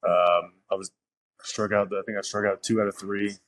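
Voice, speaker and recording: A young man with a low, deep voice speaks casually as a podcast guest, rambling through his stories with frequent fillers and restarts. The recording is dry and close, with no room sound. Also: little pitch movement, moderate pace, fairly bright tone, no echo. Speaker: professional pitcher, podcast guest. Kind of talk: casual interview storytelling.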